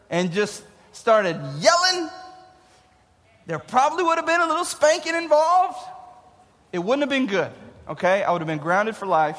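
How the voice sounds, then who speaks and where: A man preaching a casual youth sermon to preteens, jokey and quick to laugh at his own jokes. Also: high-pitched, fairly bright tone. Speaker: youth pastor. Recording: long hall reverb.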